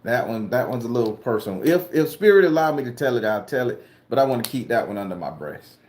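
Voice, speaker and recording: A man's voice: mid-range voice, expressive, fast talker, a little mellow, roomy sound, slight background noise. A man from southern Florida, a spooky-story vlogger and tarot reader, ranting bluntly and profanely to camera. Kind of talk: casual ranting monologue to camera.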